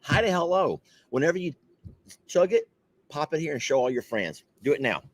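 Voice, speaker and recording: Lively man hosting a chat. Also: on the high side, moderate pace, no room sound. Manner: playful, teasing, laughs often. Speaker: host. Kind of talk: casual chat.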